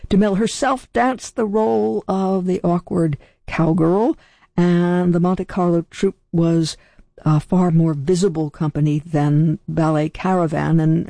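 Woman, radio host, gravelly, mellow, dry sound. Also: fairly low pitch, no echo. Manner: conversational, with restarts. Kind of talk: casual radio hosting.

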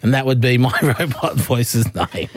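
An Australian man in his forties co-hosting a radio show, full of jokes and quick to laugh. His voice sits at an ordinary pitch and sounds close and dry, with no room around it. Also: no room sound. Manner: jokey, laughs often. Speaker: radio host. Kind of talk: casual radio banter.

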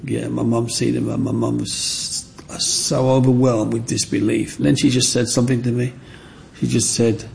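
A man's voice: medium pitch, little pitch movement, moderate pace, vocal fry, darkish tone, a little hiss or hum. A man, telling stories from his childhood in an interview and acting out other children's voices when he quotes them. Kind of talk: reminiscing storytelling.

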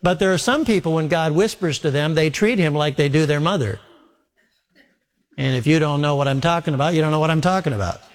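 A man preaching a sermon with homespun stories, slowing down to lean on scripture. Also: a little high. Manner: folksy storytelling preacher, slows down for scripture. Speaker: pastor.

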